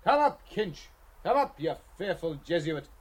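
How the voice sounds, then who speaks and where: A man's voice: fairly high pitch, big pitch swings, measured pace, pitched above the performer's own voice. A man reading an audiobook, voicing a plump, irreverent young man who talks gaily in a theatrical, mock-preaching way. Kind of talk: audiobook character voice.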